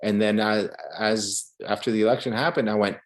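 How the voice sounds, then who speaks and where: A man giving a casual artist talk over a video call, telling animated stories full of restarts and acted-out quotes. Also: fairly low pitch, a little fast. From Cuba. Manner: animated, many restarts, acts out quoted voices. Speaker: guest artist.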